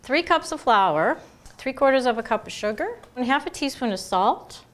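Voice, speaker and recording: With music in the background, a middle-aged woman from Buffalo, New York, who writes cookbooks, cooks and talks about family meals during an interview. Her voice is high-pitched and expressive at a normal speed, and she reminisces warmly with frequent laughter.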